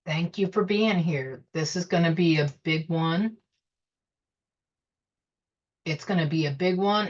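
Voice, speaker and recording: A woman psychic host talking straight to her viewers with intense, repetitive urgency, at times leading a slow guided meditation. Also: on the low side, muffled recording. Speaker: self-styled psychic host. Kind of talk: emotional monologue to camera.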